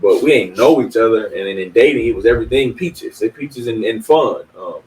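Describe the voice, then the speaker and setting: A man's voice: on the low side, expressive, fairly quick, darkish tone. A young married man talking candidly and reflectively about conflict with his wife in a casual podcast chat. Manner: candid, reflective, laughs often. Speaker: guest. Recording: somewhat distant mic, faint noise.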